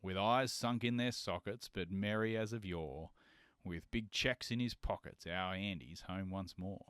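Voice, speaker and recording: A man's voice: sits low, fairly bright tone, smooth, dry recording. Brief: male reciter, rhythmic verse, resonant, dry recording. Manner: measured, rhythmic reading. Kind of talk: poetry recitation.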